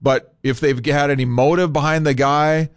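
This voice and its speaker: A man hosting a talk radio show from a studio, talking off the cuff with frequent fillers and pauses. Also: a little high, steady tone, clear, resonant tone, no room sound. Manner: conversational and unscripted, pausing with fillers. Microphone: studio microphone.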